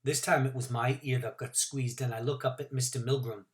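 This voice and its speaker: A male teacher reading a novel aloud to his class in an expressive first-person narration with varied pacing. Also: mid-range voice, fairly quick.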